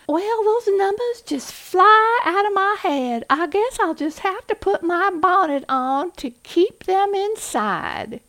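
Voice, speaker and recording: A woman's voice: very high-pitched, lively intonation, slow pace, few pauses, fairly bright tone, pitched above the performer's own voice, heavily acted. A woman putting on the voice of a flighty, melodramatic Southern belle with a Southern US drawl. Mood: flustered.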